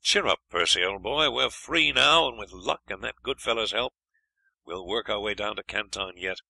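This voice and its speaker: An audiobook narrator voicing a cheerful, plucky young lad who talks in a hearty, encouraging way. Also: male voice, lowish voice, moderate pace, gravelly, bright, forceful tone, dry recording, full character voice, poor audio.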